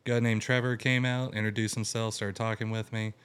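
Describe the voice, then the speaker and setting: A man's voice: fairly low pitch, fairly quick, clear, resonant tone. A young man in casual conversation, telling a long personal story and acting out what people said. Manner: animated, acts out quotes in raised voice. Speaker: guest telling his story.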